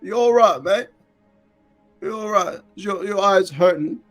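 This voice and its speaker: A man's voice: high voice, unhurried, fairly bright tone, faint music behind, voice pushed up. Man doing a chummy brawler saying "mate". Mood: menacing. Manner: chummy, calls people mate. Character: tough male brawler, friendly menace.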